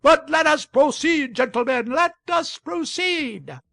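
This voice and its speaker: A man reading an audiobook, voicing a meeting chairman who calls loudly and sharply for order. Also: very high voice, lively intonation, slow pace, creaky, no room sound, studio quality, pitched above the performer's own voice, exaggerated voice. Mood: commanding. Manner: commanding, loud, calling for order.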